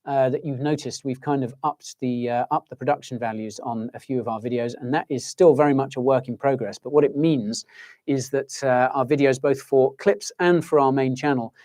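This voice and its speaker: A man's voice: mid-range voice, a little fast, darkish tone, no echo, studio quality. A man hosting a casual livestream, chatting in a rambling way and calling his viewers folks. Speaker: livestream host.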